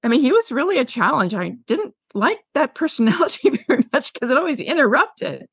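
A woman's voice: high-pitched, sing-song, a little fast, a bit bright, husky, dry recording, clean studio sound. A woman in her sixties, a veteran health teacher, speaking passionately as a podcast guest, telling classroom stories with emphasis. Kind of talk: podcast interview.

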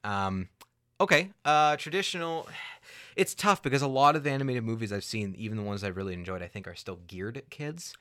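A young adult man co-hosting a podcast, chatting casually in an animated, rambling and sarcastic way. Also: medium pitch, brisk. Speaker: podcast co-host. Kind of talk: casual chat.

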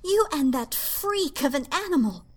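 A woman voicing a hostile older woman neighbor who shouts with scorn. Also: high-pitched, very animated, unhurried, soft background music, pitched above the performer's own voice. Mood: furious.

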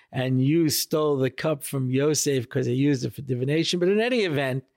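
In a creaky voice on a studio-quality recording with no room sound, a rabbi delivers a weekly Torah talk as lively, joking storytelling. He performs the quotes, leaping widely in pitch.

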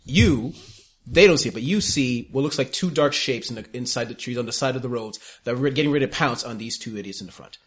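A man's voice: medium pitch, fast talker, husky. Man running a tabletop game. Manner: casual, laughing, swears freely. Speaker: game master.

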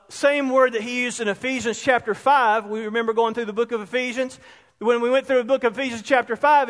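Male pastor, very high voice, chatty preaching style, long church-hall reverb. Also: fairly bright tone. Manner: conversational preaching, asks the congregation questions. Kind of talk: sermon. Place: church sanctuary.

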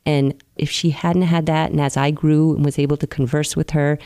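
A woman recounting her life in an interview, earnest and open, with soft pauses as she reflects. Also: low-pitched, little pitch movement, clean tone, no room sound. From New England, US. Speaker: interview guest.

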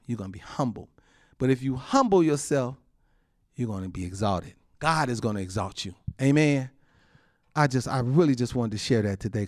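A man preaching a sermon, swinging between loud, high exclamations and quiet low asides, laughing often between lines. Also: no echo, studio quality.

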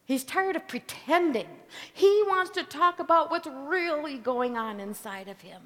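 A woman preaches with a slightly high voice, slow and deliberate, letting each phrase land. She swings from loud declarations down to near whispers for effect. Her voice rings with the long reverb of a large hall. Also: lively intonation. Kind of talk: sermon storytelling.

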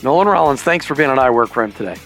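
A man hosting an interview podcast, asking questions in a playful, animated way and wrapping up the show. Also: medium pitch, racing, soft background music. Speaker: podcast host. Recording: dry close-miked sound.

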